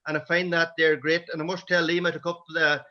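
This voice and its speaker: A man's voice: on the high side, level tone, fast talker, sharp tone. A man with a Donegal Irish accent telling rambling stories about his men's shed over a video call. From Ireland. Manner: rambling anecdotal storytelling. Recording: dull lo-fi video call audio.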